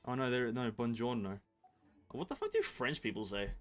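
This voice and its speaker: A European man streams a video game and chats casually with viewers, swearing freely and bantering with them. His medium-pitched voice swings hugely in pitch at a moderate pace, with faint music in the background.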